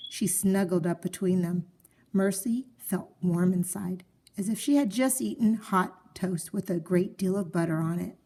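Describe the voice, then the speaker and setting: A woman reading a children's storybook aloud with expressive, gently paced storytelling. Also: fairly low pitch.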